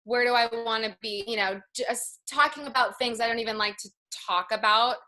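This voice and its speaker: A woman in her thirties telling her personal story in an interview, earnest and reflective, often slow and emotional. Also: on the high side, pushed and bright. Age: 30s. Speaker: interview guest.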